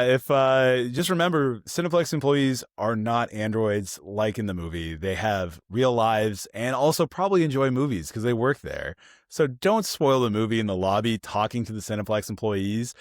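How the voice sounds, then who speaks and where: A man co-hosting a podcast, chatting casually about films and acting out the people in his stories with lively energy. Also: mid-range voice, moderate pace, dry recording, studio quality. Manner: animated storytelling, acts out quoted people. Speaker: podcast co-host. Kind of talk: casual film review chat.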